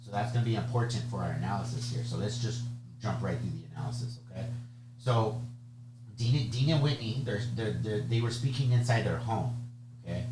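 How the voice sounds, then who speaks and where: A man's voice: on the low side, brisk. A man giving a conversational exam lecture, chatty, often checking in with "okay?" and "right?". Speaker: bar exam tutor. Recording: echoey room with steady hum.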